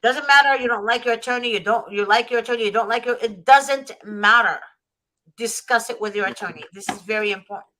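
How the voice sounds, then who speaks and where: A woman's voice: a little high, fairly even intonation, rapid-fire, few pauses, a bit bright, low-quality recording. A woman hosting a talk show, giving advice and repeating key points with emphasis. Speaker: host. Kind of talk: advocacy talk show with guests.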